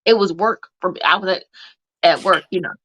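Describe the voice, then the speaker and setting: A woman's voice: lowish voice, a little fast, fairly bright tone, slightly rough. A woman hosting a casual live podcast, telling a long story in a rambling way with many fillers. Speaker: podcast host.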